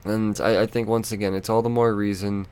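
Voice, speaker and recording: A man's voice: fairly low pitch, level tone, a little mellow, smooth. Frustrated, swearing male podcast host. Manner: frustrated, swearing, halting with many restarts. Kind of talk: solo ranting podcast.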